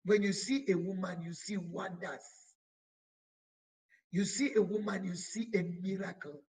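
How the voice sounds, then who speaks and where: Slow, emphatic woman preaching. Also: on the low side, steady tone, darkish tone, slightly rough, low-quality recording. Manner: emphatic, repetitive exhortation; slow, deliberate delivery with stretched words. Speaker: bishop preaching. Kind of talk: sermon.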